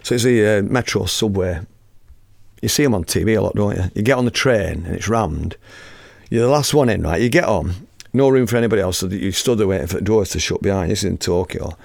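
Gravelly man telling stories. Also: lowish voice, fast, no echo, clean studio sound. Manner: lively, swears freely, acts out the scene. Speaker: podcast host and musician. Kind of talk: casual anecdotal storytelling.

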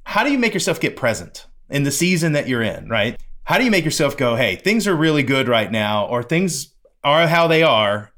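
A man hosting a podcast, asking questions in a relaxed, rambling conversational way. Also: on the high side, moderate pace. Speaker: podcast host. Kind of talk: casual interview conversation.

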